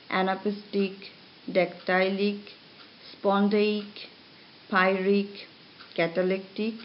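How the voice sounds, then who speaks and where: Woman lecturer, slow deliberate pace, reading notes, dull lo-fi sound, faint hiss. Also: mid-range voice. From Bangladesh. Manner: slow, measured, pauses between phrases.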